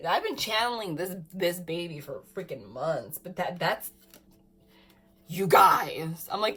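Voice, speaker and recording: A woman giving a casual tarot reading to camera, excitable, often saying "freaking" and "like", swinging from calm talk to loud laughing outbursts. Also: on the low side, measured pace, slightly rough. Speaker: tarot reader.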